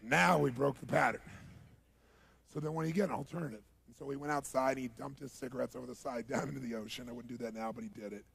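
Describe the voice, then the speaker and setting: Man, seminar speaker, raspy, gravelly low rumble, animated storytelling, audience asides. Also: fast. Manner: animated, acts out dialogue, asks the audience for agreement. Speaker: motivational speaker.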